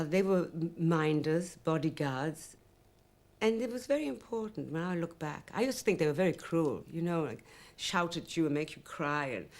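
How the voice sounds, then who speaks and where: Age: adult. Sex: woman. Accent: Welsh. Pitch: a little low. Style: animated interview storytelling, full of "you know". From Wales. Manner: animated, acts out remembered dialogue, many "you know"s. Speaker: singer interviewed about her career.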